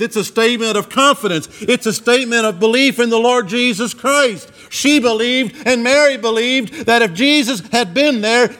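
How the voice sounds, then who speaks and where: A man preaching a sermon in a church, swinging his voice up and down for emphasis as he retells the scripture. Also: fairly bright tone. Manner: preaching with dramatic rises and drops in pitch.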